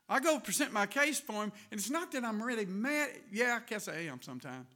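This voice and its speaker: Preacher guy, real bright high voice, goes from quiet to yelling, laughs a lot. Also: animated, brisk. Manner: swings from quiet asides to loud shouting, laughs often. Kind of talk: sermon.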